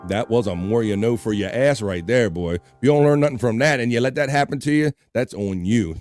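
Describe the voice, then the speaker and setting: A man's voice: medium pitch, expressive, fairly quick, hardly any pauses, a little mellow. A man hosting a casual livestream show, reading chat aloud, laughing and swearing loosely. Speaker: host.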